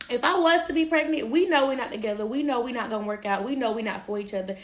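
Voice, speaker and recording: A young woman telling a personal story in casual vlog style, animated and acting out what people said. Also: fairly high pitch, quick pace. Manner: animated, acts out quotes, laughs. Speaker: vlogger.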